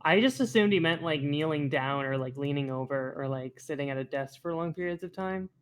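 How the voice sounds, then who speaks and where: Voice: mid-range voice, brisk, clear, resonant tone. A podcast co-host chatting casually about an anime, rambling with many fillers and frequent laughter. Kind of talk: casual chat.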